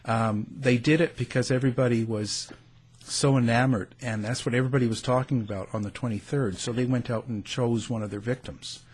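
A man's voice: mid-range voice, fairly even intonation, darkish tone, breathy edge. A man with a Canadian accent hosting an interview, rambling with plenty of fillers. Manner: rambling, filler-heavy, quick to laugh. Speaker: show host. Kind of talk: casual interview chat.

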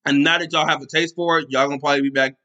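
Excitable man hosting a sports podcast. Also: on the high side, racing, muffled recording. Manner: excited, rambling, restarts his sentences often. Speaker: podcast host. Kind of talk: casual sports podcast talk.

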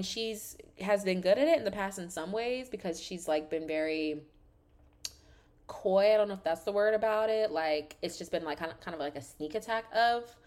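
A woman hosting a podcast, recapping a reality show in casual chat, sassy and animated, swearing freely and saying "like" constantly. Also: mid-range voice.

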